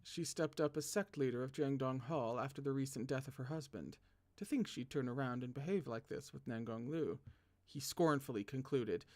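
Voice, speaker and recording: A man reading a novel aloud as host of a read-along, animated and often stopping to joke and laugh at the text. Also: mid-range voice, normal speed. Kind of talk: read-along narration with asides.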